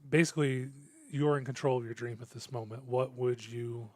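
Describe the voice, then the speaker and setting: A man narrates a tabletop game as its game master, his pitch hardly moving. He stops and restarts often, hunting for words. The sound is dry and close. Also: fairly even intonation, darkish tone, no echo. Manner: halting, many fillers and restarts.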